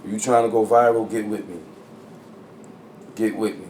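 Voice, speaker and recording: A man co-hosting a podcast in casual chat, blunt and full of slang, getting loud and animated when he is worked up. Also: on the low side, normal speed. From New Jersey. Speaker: podcast co-host. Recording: echoey room with faint ambient noise.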